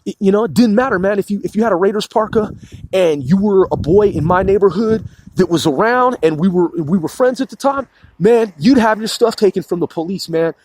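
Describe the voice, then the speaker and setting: Slightly high-voiced man rambling profanely. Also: a little mellow, slightly rough, dry recording. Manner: rambling and profane, fills every pause with "man". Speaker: podcast host. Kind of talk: casual solo monologue.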